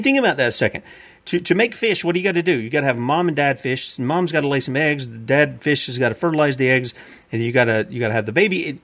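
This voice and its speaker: A man preaching an informal Bible lesson at a middle pitch. He keeps it conversational and repetitive, stacking phrase after phrase. He often poses a question and answers it himself. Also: a bit bright. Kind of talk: informal Bible-teaching sermon.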